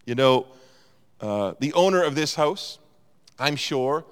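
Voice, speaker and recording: A man's voice: medium pitch, takes it slowly, smooth. A man preaching a sermon as pastor, telling stories and acting out what people said. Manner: animated storyteller, acts out quotes. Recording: long hall reverb.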